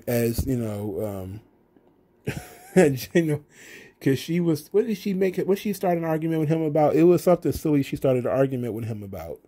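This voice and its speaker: A man's voice: medium pitch, dark tone. A man hosting a wrestling review channel, recapping a show in a blunt, profane, rambling way.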